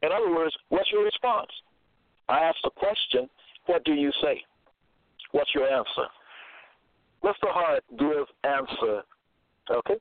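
A man teaching scripture in a deliberate, repetitive way, quoting verses and checking in with "okay?" as he goes. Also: a little high, sing-song, vocal fry, no echo. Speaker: preacher. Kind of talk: slow scripture teaching monologue. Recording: tinny phone-line sound, dry.

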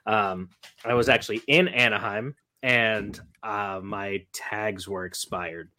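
A man from Northern California co-hosting a podcast, telling a story in a lively way and acting out the quotes. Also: lowish voice, takes it slowly. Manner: animated storyteller, acts out quotes. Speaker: podcast co-host. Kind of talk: casual storytelling.

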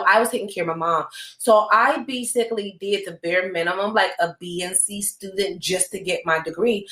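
A woman speaks as an interview guest, telling her business story in a candid, rambling way. Her voice sits at a middle pitch for a woman. The recording has a noticeable roomy echo around it. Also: fairly bright tone. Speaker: guest, accounting business owner. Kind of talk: casual interview chat.

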